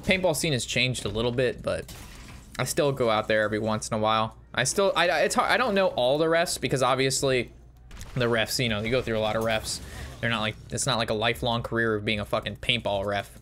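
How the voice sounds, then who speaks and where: A man's voice: medium pitch, fairly quick, a bit bright, a little hiss or hum. A man streaming and telling stories in a casual, rambling and profane way. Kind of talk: casual storytelling while streaming.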